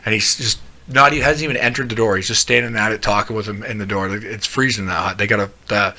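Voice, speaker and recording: A man's voice: fairly low pitch, steady tone, quick pace, sharp tone. A man casually telling a rowdy, profanity-laden story, acting out quotes of his friends.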